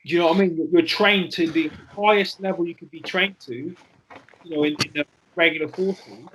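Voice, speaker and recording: Forties male interview guest, candid storyteller, slightly high and bright voice. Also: a little hiss or hum, poor audio. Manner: candid, halting, with frequent fillers and swearing. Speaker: interview guest, former soldier.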